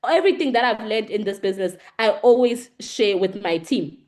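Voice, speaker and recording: A woman giving an energetic business presentation to an audience, telling her story in short, repeated, emphatic sentences. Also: on the high side. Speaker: guest speaker.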